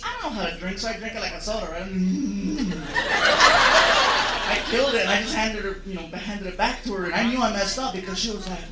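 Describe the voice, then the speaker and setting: A man doing stand-up storytelling on a large stage, animated and acting out voices. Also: high voice. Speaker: stand-up comedian. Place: large comedy stage with audience. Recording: echoey venue with audience noise.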